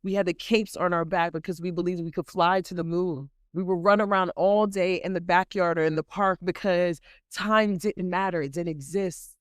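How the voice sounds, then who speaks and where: A woman hosting a motivational podcast on a close microphone. She speaks emphatically and repeats herself, calls her listeners queens and y'all, and swings between excited bursts and soft, intimate asides. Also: lowish voice, normal speed, smooth, no room sound. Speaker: podcast host. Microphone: close studio microphone.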